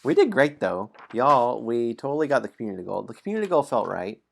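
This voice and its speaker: A man's voice: mid-range voice, fast, vocal fry. A man streaming a dice game, chatting casually with viewers, reading out story passages and chuckling often. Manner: relaxed, chuckles often between lines.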